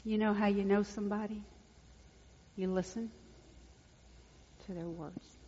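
A woman preaching a sermon, swinging from hushed, intimate lines to loud emphatic peaks. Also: mid-range voice, fairly even intonation, a little slow, husky. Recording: dull lo-fi recording with long hall reverb.

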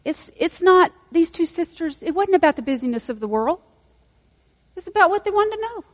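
A woman preaching a sermon, swinging from hushed, intimate lines to loud emphatic peaks. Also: very high-pitched, sing-song, fairly quick. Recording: dull lo-fi recording with long hall reverb.

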